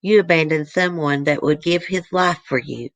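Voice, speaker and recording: A woman's voice: deep voice, normal speed, no echo. A woman host reading a letter aloud to her viewers in an earnest, easily moved way, stopping now and then to comment.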